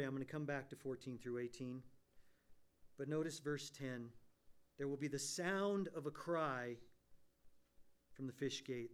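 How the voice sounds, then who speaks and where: A man's voice: mid-range voice, clean tone. Impassioned preacher, man. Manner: preaching with rhetorical questions, rising to emphatic peaks. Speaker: pastor. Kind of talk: sermon.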